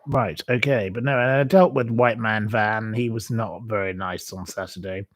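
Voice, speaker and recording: A man's voice: lowish voice, steady tone, normal speed, no echo. A man hosting a casual livestream, rambling and chatty with many ums and asides. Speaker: host.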